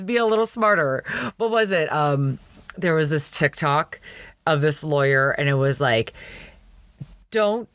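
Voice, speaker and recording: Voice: mid-range voice, fairly bright tone, no room sound. Chatty podcast host recapping an episode. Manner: chatty, laughing, incredulous asides.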